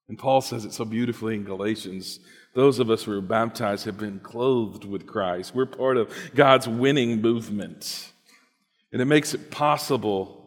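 A man's voice: medium pitch, fairly bright tone. A man preaching a sermon in a conversational, emphatic storytelling manner. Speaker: pastor. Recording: echoey hall.

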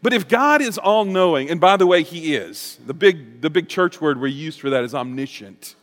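Lively male preacher in a reverberant hall. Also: on the high side, normal speed. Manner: lively storytelling preacher, acts out quotes. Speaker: pastor. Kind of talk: sermon. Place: church sanctuary.

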